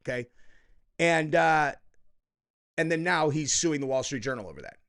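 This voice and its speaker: A man's voice: a little high, expressive, normal speed, a bit bright. A man hosting heated political commentary, profane and combative, who keeps tagging his points with "okay?" and "dude.".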